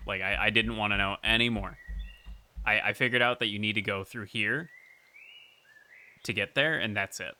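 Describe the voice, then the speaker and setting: A man streaming a game, casually talking through his play in a relaxed, musing way. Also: fairly low pitch, moderate pace, pauses often. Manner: relaxed, musing, talks while playing. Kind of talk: casual gameplay commentary. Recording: noticeable background noise.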